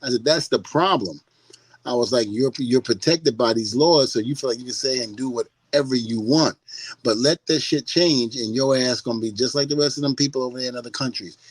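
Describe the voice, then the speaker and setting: A man's voice: medium pitch, brisk, breathy edge, no room sound, poor audio. A middle-aged man on a podcast, talking casually and animatedly, laughing and mimicking people as he tells stories. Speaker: podcast guest.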